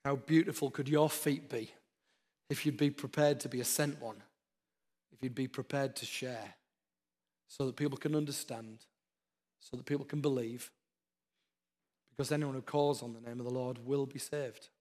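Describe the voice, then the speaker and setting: A man's voice: medium pitch, fairly even intonation, normal speed, pauses often, darkish tone. A man preaching a sermon, with earnest, repeated exhortations. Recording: long hall reverb.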